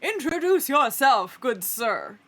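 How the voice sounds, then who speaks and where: A woman voicing a small fussy male groundhog announcer in a very high-pitched, squeaky voice, grandly addressing a crowd. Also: very animated, slow pace, fairly bright tone, exaggerated voice. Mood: announcing.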